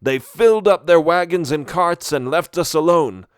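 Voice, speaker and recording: Old male wizard, high and strained, grave and worried, voiced by a man. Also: normal speed, smooth, no echo, studio quality, lightly acted.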